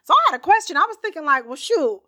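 A woman's voice: very high-pitched, sing-song, rapid-fire, pushed and bright. A woman hosting a podcast, casually telling a history story with playful, chatty asides and frequent laughter.

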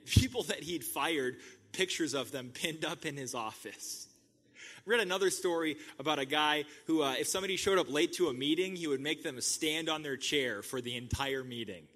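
A man's voice: medium pitch, bright, forceful tone. Pastor guy preaching, chatty and laughy, mid voice, long echo in a big hall. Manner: conversational, laughs at his own stories. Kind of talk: sermon.

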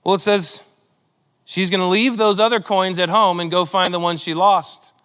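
A man's voice: high-pitched, fairly even intonation, normal speed, fairly bright tone, clear, resonant tone. A man preaching a sermon, earnest and emotional, reading scripture with a pleading, dramatic delivery. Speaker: pastor.

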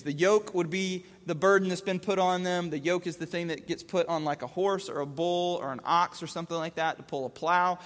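A man's voice: sits high, in a large hall. A man giving a conversational Bible teaching, casual, asking rhetorical questions and restating verses in plain words.

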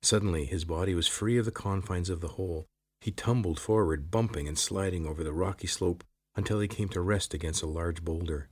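Male audiobook narrator, low and husky, measured storytelling. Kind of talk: scripted narration.

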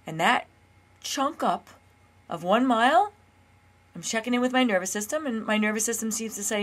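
A woman's voice: medium pitch, lively intonation, quick pace, a bit bright. A woman coaching listeners in a casual monologue, chatty, often checking in with "okay?" and fillers. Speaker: weight loss coach and podcast host.

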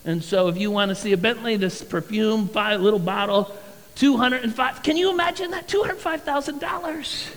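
A male pastor preaching a sermon with animated, dramatic storytelling in a church sanctuary. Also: sits high, moderate pace, long reverb tail, poor audio.

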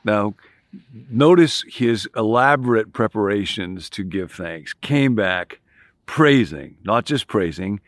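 A man's voice: lowish voice, lively intonation, slow pace, no echo, clean studio sound. A man preaching a sermon, building his points through emphatic repetition. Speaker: pastor.

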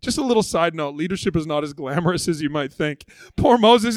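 A man preaching a sermon as pastor, dramatic, swinging from loud passages to hushed, drawn-out ones. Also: on the high side, animated, no echo.

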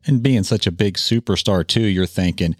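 Low-voiced man rambling through facts. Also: moderate pace, husky, no echo, studio quality. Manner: rambling, drops random facts. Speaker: podcast host. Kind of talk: casual chat. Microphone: studio mic with headphones.

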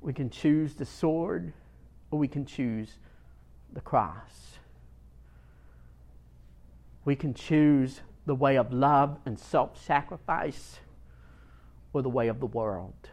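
A male preacher delivering a sermon at a slow, deliberate pace. He leans hard on key phrases, dropping to near-quiet, then building to loud emphasis. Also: mid-range voice. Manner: emphatic, swings from quiet to loud, long pauses.

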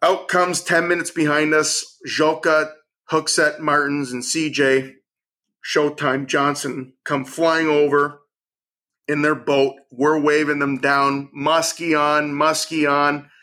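Man, middle-aged, bright tone, animated storyteller, acts out quotes. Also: fairly high pitch, slow. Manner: acts out quotes in lively bursts. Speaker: guest chef and angler.

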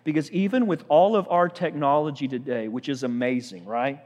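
A high-voiced man preaching a sermon. He talks to the congregation in an animated, conversational way and keeps throwing rhetorical questions at them. His voice rings out with a long reverb, as in a large sanctuary. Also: brisk. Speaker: pastor.

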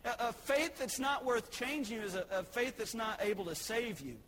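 A man preaching a sermon, swinging between loud exhortation and hushed earnestness. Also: extremely high pitch, moderate pace, low-quality recording.

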